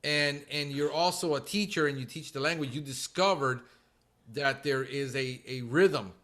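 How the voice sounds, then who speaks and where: Male host, higher bright voice, enthusiastic, affirming, recaps the guest's points. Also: normal speed. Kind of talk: conversational interview.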